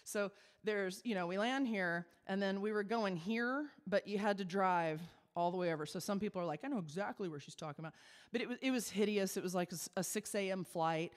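Chatty cabaret singer with reverb. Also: female voice, mid-range voice, a little fast, hardly any pauses, clear, resonant tone. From Texas. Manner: chatty, self-mocking storyteller. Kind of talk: stage patter between songs.

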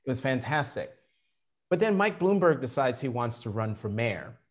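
A middle-aged man telling career stories in an interview, animated and acting out the quotes. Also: mid-range voice, moderate pace. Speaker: journalist guest. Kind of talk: storytelling interview.

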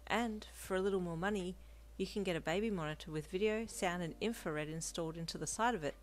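A woman's voice: on the low side, fast, soft background music, natural voice. Story reading: earnest, enthusiastic young man expecting a baby, voiced plainly by a woman narrator. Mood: eager.

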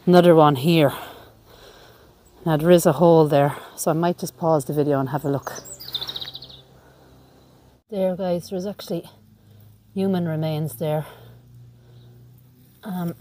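A woman vlogger giving an unhurried walking-tour commentary outdoors in a graveyard, reading out headstone inscriptions as she goes. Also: low voice, steady tone, mellow, slight background noise.

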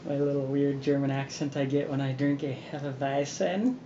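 A man's voice: medium pitch, moderate pace. Casual man hosting a beer review. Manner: relaxed and rambling, many fillers. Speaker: beer review show host. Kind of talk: casual chat. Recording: roomy, dull sound with background noise.

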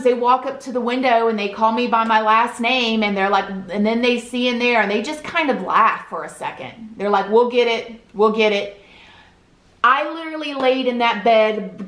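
A woman telling a personal story to her viewers in a casual, earnest storytime style, often addressing them as "you guys", with a Southern US accent. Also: a little high. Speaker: YouTube storyteller. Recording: roomy echoey home recording.

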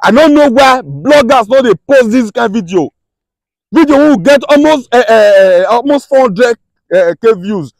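A man's voice: extremely high pitch, lively intonation, moderate pace, no echo. A man with a Nigerian accent, a vlogger urgently pleading with viewers to share his appeal for help. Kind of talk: impassioned appeal to camera.

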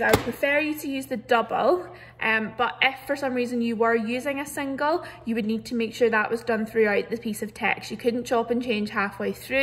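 A woman teacher leads a recorded online lesson from her computer. Her voice sits a little high, and she explains each step patiently and clearly, filling the pauses with "so" and "um". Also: a bit bright. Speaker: primary school teacher.

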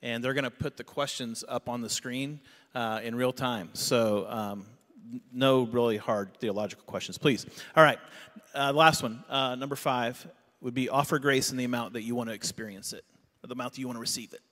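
Bright-voiced male pastor in reverberant hall. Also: medium pitch, fairly quick. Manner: storytelling, animated when recounting. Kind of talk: conversational sermon. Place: church auditorium. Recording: long reverb of a church hall.

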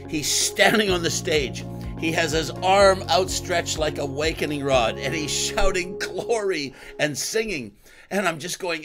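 Male podcast host, fairly high voice, animated storyteller, faint music underneath. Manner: animated, swings into loud quoted exclamations. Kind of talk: storytelling interview chat.

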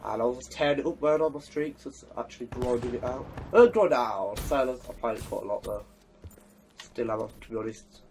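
A young man casually commentating his own shooter game, excitable and swearing, trash-talking as he plays. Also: medium pitch, a little fast, vocal fry. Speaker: gaming commentator.

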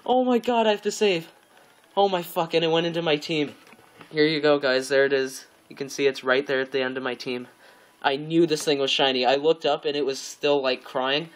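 A man's voice: fairly high pitch, little pitch movement, normal speed. Overexcited young man streaming a game. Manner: overexcited, gasping, swearing, repeating himself; rambling, talks to viewers and friends on a call. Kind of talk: live gameplay commentary.

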